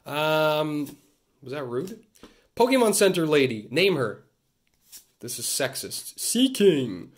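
A man from Canada chatting through a casual card-opening vlog, talking close to his phone and cracking jokes between excited outbursts. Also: mid-range voice. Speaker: vlogger. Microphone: phone held close.

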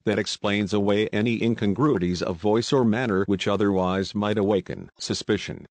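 A man reading a formal gentleman's letter of advice in a storybook, measured and polite. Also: lowish voice, fairly even intonation, no echo, natural voice. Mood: advising.

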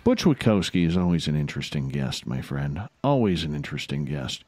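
A man hosting a casual radio talk show, joking and rambling with shout-outs to listeners. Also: extremely low pitch, big pitch swings, a little fast, dry recording, faint music behind. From Canada.

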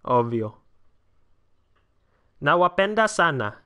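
This nineteen-year-old livestreamer takes it slowly, his voice on the high side with a clean tone. He's chatty, reading viewers' comments aloud, responding to them, and erupting with excitement at big opportunities.

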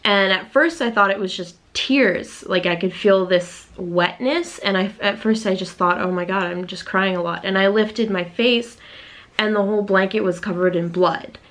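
A young adult woman preparing for a physique competition vlogs casually to camera, speaking frankly and without a filter, dropping the odd swear word. Her mid-range voice is a bit bright and moves at a normal speed.

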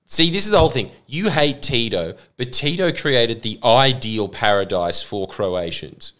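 A man's voice: mid-range voice, expressive, a bit bright. A man in casual podcast banter, his voice sitting in a middle register. He jokes, swears freely and laughs often as he talks. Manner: swearing, joking, quick to laugh. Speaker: podcast host.

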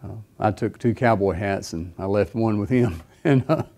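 A middle-aged man delivers a sermon through a long personal story, often pausing on fillers and restarting his sentences. His voice sits low, with a soft, mellow tone. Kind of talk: sermon testimony.

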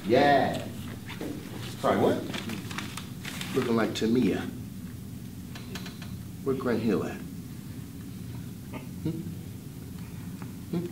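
A man playing a teacher in a comedy sketch, roasting his students in a loud, mocking way. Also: mid-range voice, expressive, very slow, pauses often, far from the mic. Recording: echoey room with background noise.

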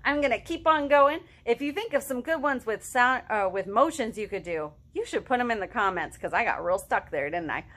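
Leading storytime for kids, a woman in her thirties reads picture books, sings farm songs and does animal sounds in a lively, sing-song manner. Her voice is on the high side, a little fast, with hardly any pauses.

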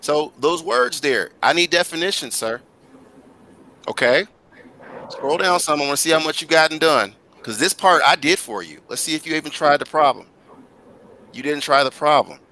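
A man's voice: on the high side, moderate pace, bright, forceful tone. A male teacher guiding students through an online class on a video call, talking casually but directly and firmly.

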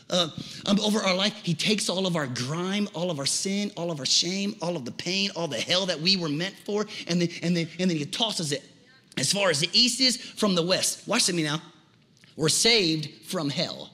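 A middle-aged male pastor preaching a sermon, animated, with folksy humor and shouted climaxes. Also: a little high.

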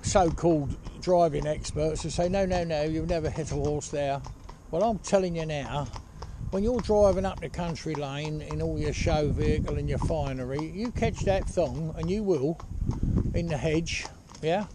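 A man's voice: fairly high pitch, normal speed. A man who trains horses, giving casual spoken advice as he drives a carriage, rambling along with "you know" and "yeah?". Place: outdoors on a horse-drawn carriage. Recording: outdoor noise with hoof clip-clop.

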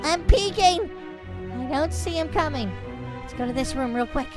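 A woman hosting a gaming channel, giving chatty, excitable gameplay commentary. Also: high voice, normal speed. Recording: game music playing underneath.

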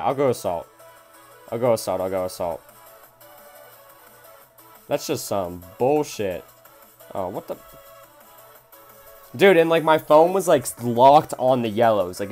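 A young man live-streaming a mobile game, cursing at his phone and talking back to chat as he plays. His voice sits at an ordinary middle pitch for a man, with music playing faintly underneath. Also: a little mellow. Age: young adult. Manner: frustrated, swearing, reading chat aloud. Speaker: gaming streamer.

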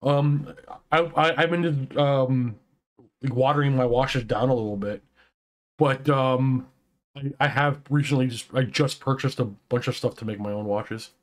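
A man co-hosting a casual online chat, ranting excitedly with many restarts and quick turns. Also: medium pitch. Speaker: podcast co-host.

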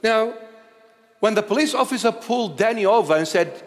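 High-voiced preacher in a reverberant church. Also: male voice, normal speed. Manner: animated storytelling with humorous asides. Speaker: bishop, preacher. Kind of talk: sermon.

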